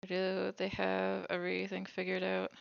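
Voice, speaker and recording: Chatty streamer woman with a gravelly edge. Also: mid-range voice, monotone, normal speed, dry recording, lo-fi sound. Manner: chatty, thinks aloud while cooking. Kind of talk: casual livestream chat while baking.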